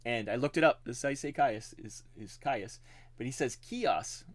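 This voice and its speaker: A man's voice: mid-range voice, brisk. A man co-hosting a podcast, chatting casually and laughing often. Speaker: podcast co-host. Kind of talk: casual chat.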